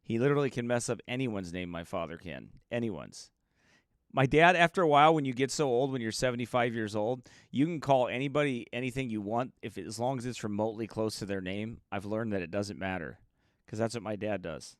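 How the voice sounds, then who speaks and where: Fairly low-voiced and a touch fast, a male pastor from the US talks in studio-quality audio with no echo. He's in a chatty, joking mood ahead of the sermon, reading off the names of livestream viewers.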